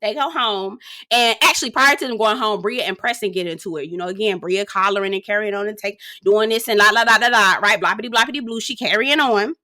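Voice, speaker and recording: A woman's voice: mid-range voice, fast, pushed and bright. A young woman casually recapping a reality show, sassy and profane, with dramatic asides.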